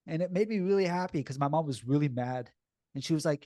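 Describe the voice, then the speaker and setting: A man telling a personal story in a blunt, animated, casual way, swearing freely and sounding shaky and upset as he recalls it. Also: on the high side, fast talker, no room sound, clean studio sound.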